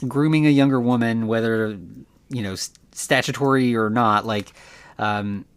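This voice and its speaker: A man's voice: medium pitch, steady tone, moderate pace, clear, resonant tone. A man hosting a podcast, recapping a movie casually with lots of fillers and restarts. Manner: rambling, many fillers. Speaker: podcast host.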